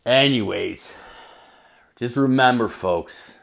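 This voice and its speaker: A man rambles through a story of his bad day, dropping curses into nearly every line. He acts out the people he met as he goes. His voice sits at an everyday middle pitch. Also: slow pace, gravelly, a bit bright. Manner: swears constantly, acts out quoted people. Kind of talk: rambling profane story rant. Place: at home late at night.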